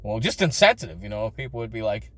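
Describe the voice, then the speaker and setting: A man's voice: on the low side, very animated, fast talker. A man telling crude, funny childhood stories in a casual vlog, swearing often and laughing between lines. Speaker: storyteller.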